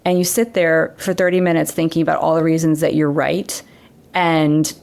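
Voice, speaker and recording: A woman guest on an interview show, an educator, explaining brain science in a lively conversational way. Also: deep voice, moderate pace, creaky. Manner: animated explainer who acts out quotes. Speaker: guest educator and former children's TV director.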